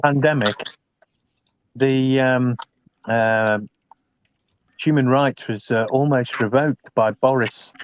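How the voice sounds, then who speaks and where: A man's voice: mid-range voice, fairly even intonation, slow pace, long pauses, clean tone. A man calling into a live stream, speaking hesitantly with many fillers. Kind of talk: casual chat. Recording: dull lo-fi call audio.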